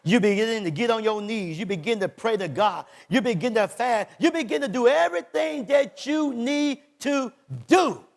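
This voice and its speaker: High-voiced preacher swinging from shout to hush. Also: male voice, normal speed, gravelly. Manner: impassioned preaching, voicing God's words, swings from shouts to hushed lines. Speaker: pastor. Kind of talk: sermon.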